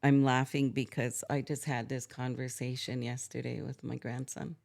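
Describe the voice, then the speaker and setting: Older woman, podcast guest; very low, gravelly voice; frank and emphatic. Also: flat delivery, normal speed, darkish tone. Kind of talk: candid conversational storytelling.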